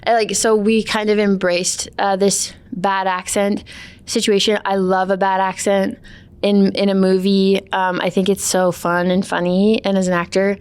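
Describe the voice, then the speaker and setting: A woman's voice: mid-range voice, little pitch movement, normal speed, smooth. A woman filmmaker who also acted in the film, talking loosely and rambling with fillers in an interview. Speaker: filmmaker and lead actor. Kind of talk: casual interview.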